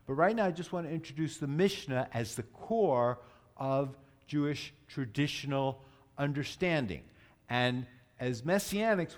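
A man giving a Messianic teaching, explaining terms patiently and leading the group to repeat words. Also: medium pitch. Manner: explanatory, leads group repetition, self-correcting. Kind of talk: teaching sermon.

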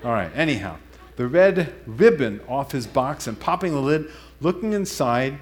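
A man preaching a conversational sermon, animated and digressive, often correcting himself mid-sentence. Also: medium pitch, normal speed.

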